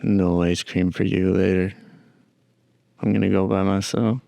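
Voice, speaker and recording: A man's voice: deep voice, flat delivery, a little slow, vocal fry, warm tone, dry recording. A man hosting a podcast, rambling dryly on his own and talking to his pet. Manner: rambling, dry, talks to a pet. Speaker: podcast host. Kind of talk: casual solo chat.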